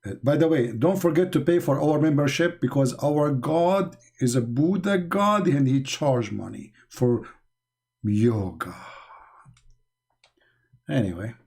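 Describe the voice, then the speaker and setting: A man's voice: medium pitch, unhurried, creaky, darkish tone, slightly rough. A man from the Middle East with an Arabic accent, a native Arabic speaker, hosting a live stream and mocking comments from the chat with sarcasm. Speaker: online show host.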